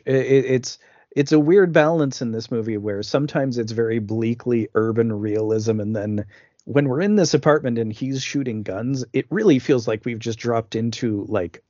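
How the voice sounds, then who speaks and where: A man's voice: medium pitch, moderate pace, warm tone, no room sound. A man co-hosts a podcast, picking apart a film in casual chat and reaching for pop-culture comparisons. His voice sits in a middle range. The sound is dry and close, and a bit dull and lo-fi. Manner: analytical, makes pop-culture comparisons, repeats words when starting. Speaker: podcast co-host.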